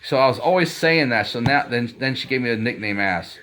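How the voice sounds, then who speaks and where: An American vlogger in his fifties chats casually to his channel, rambling with frequent fillers and restarts. His voice is medium-pitched, expressive, a little fast, and a bit bright.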